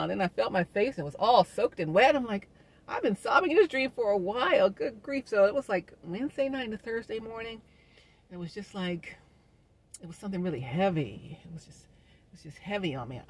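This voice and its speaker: Earnest woman with a gravelly voice. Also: mid-range voice. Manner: earnest and soul-searching, circles back to the same questions; gentle, faith-minded encouragement. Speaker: host of a wellness community show. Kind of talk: casual reflective monologue.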